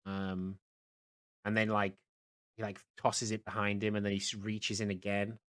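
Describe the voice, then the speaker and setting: A man running a tabletop game as dungeon master, narrating in a halting way with many fillers and restarts. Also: fairly low pitch, completely flat delivery, fairly bright tone.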